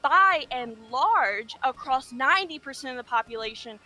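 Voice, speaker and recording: A woman's voice: sits high, expressive, normal speed, pushed and bright. A woman with a Southern US accent, debating combatively on a podcast, talking down to others and swearing. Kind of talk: heated online debate.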